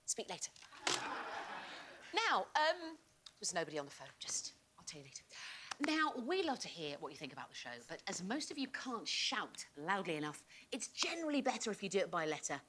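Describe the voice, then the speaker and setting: A woman's voice: mid-range voice, very animated, brisk, fairly bright tone, a little hiss or hum. A woman co-hosting a chat show, teasing her partner with mock outrage and introducing guests. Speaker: co-host of a daytime chat show. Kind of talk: comic banter and introductions. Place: studio with live audience.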